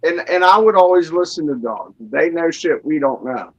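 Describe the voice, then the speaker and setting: A man co-hosting a casual podcast chat, joking and animated, quick to laugh at himself. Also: a little high, highs cut off. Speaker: podcast co-host.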